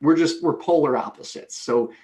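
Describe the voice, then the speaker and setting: A man's voice: fairly high pitch, moderate pace, a little mellow. A man in a casual group chat giving a laid-back, rambling explanation of his channel. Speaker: atheist YouTuber.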